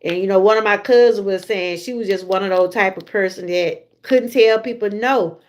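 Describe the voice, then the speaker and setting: A woman's voice: medium pitch, normal speed. A middle-aged woman with a Southern US accent, chatting casually to her viewers on a livestream and laughing often. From Georgia, USA. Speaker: livestream host.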